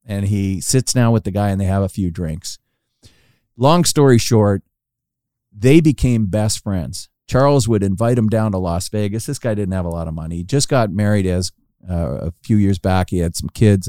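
A man on a podcast, telling a long funny anecdote casually and acting out the quoted lines with lively rises. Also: normal speed, dry recording, studio quality. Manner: animated storytelling, acting out quoted lines with rising pitch. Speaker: podcast guest storyteller.

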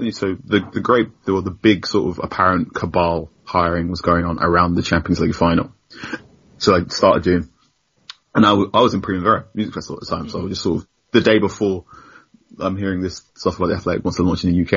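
A young man with a very low, husky voice tells stories in a relaxed, rambling interview. He pokes fun at himself and laughs often. The audio is dull and lo-fi. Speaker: football journalist, guest. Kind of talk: casual storytelling interview.

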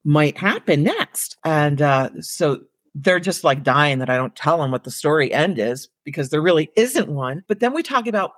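A woman, an elementary school counselor, telling a story in casual, animated talk with lots of "like" and "you know.". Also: low-pitched, moderate pace, no echo.

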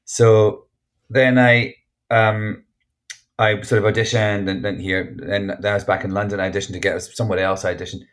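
His voice is lowish and level, moving at a moderate pace, as this actor and memoir writer from Scotland frankly relates stories during a relaxed interview. He's chatty and keeps restarting his sentences.

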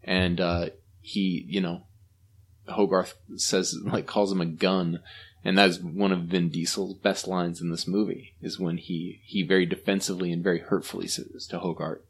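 A man's voice: low voice, level tone, moderate pace, slightly rough. A man co-hosting a podcast in casual chat, retelling movie scenes with eager feeling. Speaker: podcast co-host.

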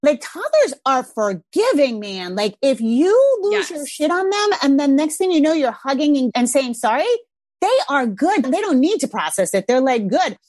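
Middle-aged woman, casual chat, swinging lively pitch, dry close sound, animated storyteller. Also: normal speed, dry recording.

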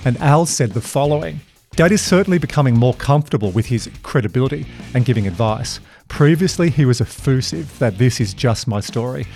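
A man hosting a podcast, telling stories with animated energy and acting out the voices of the people he quotes. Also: medium pitch, a little fast, gravelly. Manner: animated storyteller, mimics voices when retelling. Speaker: podcast host. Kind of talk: casual podcast conversation. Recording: dry close mic, faint guitar music.

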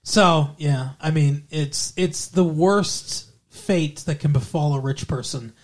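A man's voice: a little high, slow pace. A man co-hosting a podcast, telling a story in a loose, rambling way and chuckling now and then. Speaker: podcast co-host. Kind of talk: casual chat recapping a TV episode.

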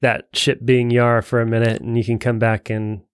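A man's voice: medium pitch, level tone, moderate pace, clear, resonant tone, dry recording. A man co-hosting a casual movie discussion, chatty and jokey. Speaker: podcast co-host.

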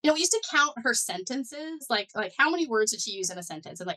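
A fast-talking middle-aged woman with a fairly high pitch is the guest in this conversational interview, captured in a rough recording. A foundation director and neuroscientist, she narrates her story in an animated way. Her speech is loaded with "like" and "you know."

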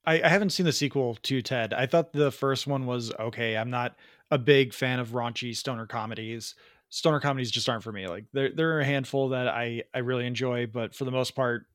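A man's voice: medium pitch, a bit bright, no echo, studio quality. A man hosting a podcast in casual chat, blunt and irreverent in how he talks. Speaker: podcast host.

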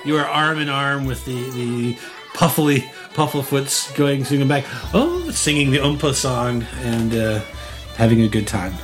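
A man hosting and narrating a tabletop game as game master, relaxed and halting with many fillers. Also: medium pitch, music in the background.

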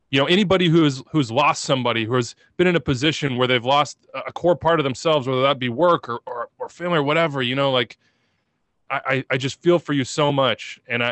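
A man co-hosting a podcast, talking about soccer in a passionate, excitable and emotional way, rambling as he goes. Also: medium pitch, dry recording. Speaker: podcast co-host.

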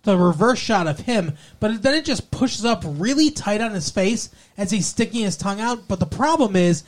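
A podcast co-host picks apart a TV episode in casual, rambling chat, opinionated and swearing freely. The voice sits at a middling pitch, with plain everyday delivery. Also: expressive, moderate pace. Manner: opinionated, profane, loose rambling.

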